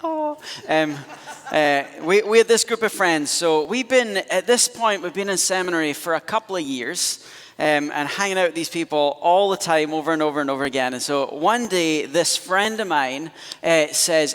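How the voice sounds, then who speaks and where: A man's voice: fairly high pitch, normal speed, a bit bright. A man in his thirties with a Scottish accent, preaching with chatty, self-mocking stories full of fillers and restarts. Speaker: pastor. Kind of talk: sermon storytelling. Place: church hall. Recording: long reverb of a church hall.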